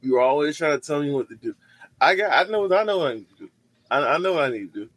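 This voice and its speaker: A man's voice: on the high side, animated, racing, a bit bright, poor audio. A man doing a rambling drunk buddy. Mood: defensive. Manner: rambling, defensive, repetitive. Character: drunk blunt male friend at a bar.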